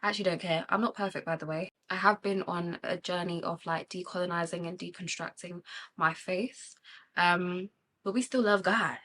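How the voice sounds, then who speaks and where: Doing her makeup, a young woman with a British accent chats openly and with feeling about faith and intentional living. She's a beauty vlogger whose lowish voice is bright and forceful, with little pitch movement at a normal pace, over a little hiss or hum.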